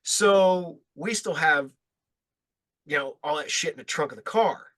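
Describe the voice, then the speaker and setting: A man's voice: a little high, a little slow, a bit bright. A man hosting a podcast, telling casual, profane stories with frequent chuckles. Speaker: podcast host.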